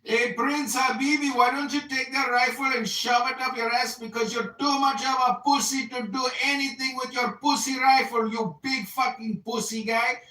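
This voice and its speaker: A man's voice: very high-pitched, fairly even intonation, moderate pace, hardly any pauses, bright, forceful tone. A man trading crude, profane insults in a heated call-in argument. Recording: echoey and distant.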